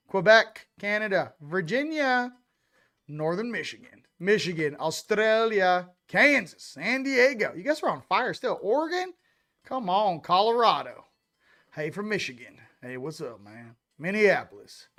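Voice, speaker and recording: A man hosting a casual livestream, giving hyped shout-outs and rambling loosely to viewers. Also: sits high. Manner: loose, rambling, repeats "ladies and gents". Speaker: host.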